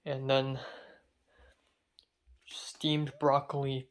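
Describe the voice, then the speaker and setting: Feverish and dizzy, a young college guy rambles through a casual audio diary slowly, leaving long pauses and stumbling over fillers and restarts. His voice is medium in pitch with little movement, and a faint hiss or hum sits underneath.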